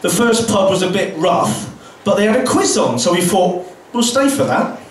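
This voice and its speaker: A man doing a deadpan stand-up comedy set with crude punchlines at a pub comedy night. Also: high-pitched, normal speed. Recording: roomy, distant pub recording with background noise.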